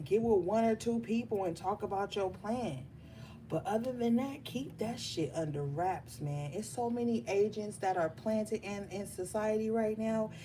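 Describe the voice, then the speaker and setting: A woman's voice: mid-range voice, warm tone, slight background noise. A woman tarot reader chatting casually and bluntly on a livestream, swearing and laughing often. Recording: music playing behind.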